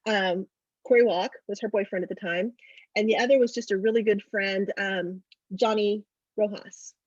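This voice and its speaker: A middle-aged woman author in a casual interview over a video call, telling stories in a chatty, animated way. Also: medium pitch, moderate pace, dry recording, lo-fi sound.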